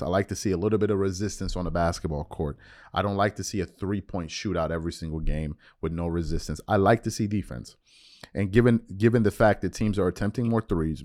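Man, fairly low voice, sports podcast host, casual slangy talk, emphatic, repeats himself. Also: darkish tone. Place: lives abroad, recording at home.

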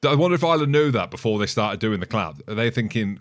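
A man's voice: on the low side, animated, fast, dry recording, clean studio sound. A man co-hosting a casual sports podcast, thinking aloud and rambling through his points. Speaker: podcast co-host, pundit.

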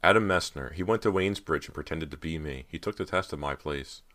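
A man with a very deep voice reading the lines of a frightened teenage girl as she confesses, lifting his voice higher in pleading and tremulous bursts. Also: brisk, fairly bright tone.

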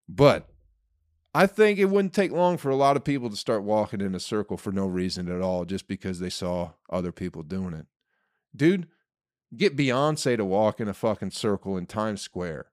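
A male comedian hosting his podcast in a loose, rambling monologue, profane and given to acting out imagined scenes. His fairly low voice swings widely in pitch. The sound is dry, with no room around it. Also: dry recording. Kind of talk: casual monologue.

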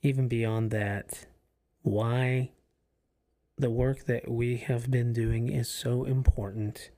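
In an office used for podcast recording, this podcast co-host talks casually on a faith show, earnest and reflective, frequently breaking off sentences and starting over. His voice is mid-range and dark, with a steady tone and a slow pace.

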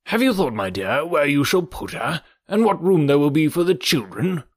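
A man voicing a fretful elderly gentleman who fusses and sighs over his family, in an audiobook reading. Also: on the high side, sing-song, normal speed, slightly rough, no echo, clean studio sound, pitched above the performer's own voice. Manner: sighing, fussy, anxious.

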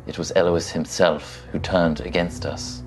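A man playing a tabletop game, speaking in character in a measured, formal way. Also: deep voice, little pitch movement, soft background music. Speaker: player.

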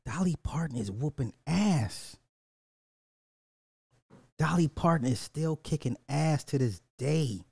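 A man's voice: mid-range voice, darkish tone, no echo, clean studio sound. A man, reacting to music clips in casual commentary, blunt and petty, drawing out repeated words. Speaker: reaction streamer.

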